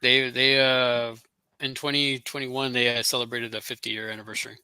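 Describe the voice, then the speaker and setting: Guy with a really bright clear voice, pretty monotone, lots of uh and like. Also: mid-range voice, normal speed, dry recording. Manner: hesitant, filler-heavy, many restarts. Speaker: guest. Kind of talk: casual chat.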